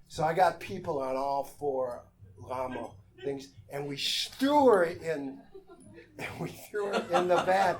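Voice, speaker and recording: A man telling a comic story live on a theater stage, animated and exasperated, acting out the voices in his tale. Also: a little high, unhurried, a crowd in the background. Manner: animated, exasperated, acts out quotes.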